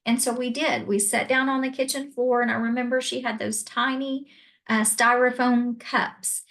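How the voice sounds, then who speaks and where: A woman telling a deeply personal story as an interview guest, earnest and reflective. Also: fairly even intonation, moderate pace, a bit bright, low-quality recording.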